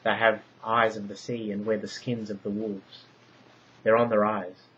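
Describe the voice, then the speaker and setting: A man doing a solemn female oracle who speaks her prophecies in a low, measured voice. It's a storybook reading heard through dull, lo-fi sound. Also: level tone, a bit bright, slight background noise. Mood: grave. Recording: dull lo-fi recording.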